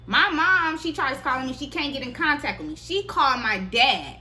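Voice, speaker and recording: A young woman casually telling a personal story on her vlog, candid and profane, with lively delivery. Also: high-pitched, normal speed, hardly any pauses, slight background noise. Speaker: vlogger.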